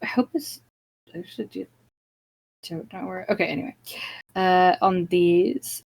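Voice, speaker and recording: A woman's voice: on the low side, measured pace, vocal fry, darkish tone, low-quality recording. A woman player at a tabletop game, talking casually and bluntly, swearing freely.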